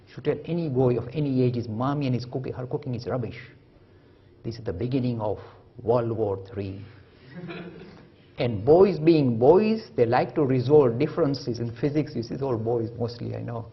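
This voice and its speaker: A man giving an animated public lecture, telling stories and acting out the voices of the people in them. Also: medium pitch, fairly quick, breathy edge, muffled recording. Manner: lively storytelling, acting out quoted voices. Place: lecture hall.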